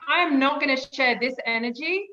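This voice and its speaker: A British woman guest telling stories in a casual chat, lively and laughing often. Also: sits high, moderate pace, roomy sound, highs cut off, slight background noise. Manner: lively storytelling, laughs a lot. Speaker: guest author.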